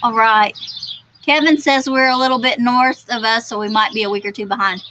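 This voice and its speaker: A woman's voice: on the high side, steady tone, a little fast, sharp tone, slight background noise. A woman chatting casually on a live stream, agreeing often with short replies. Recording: muffled lo-fi stream.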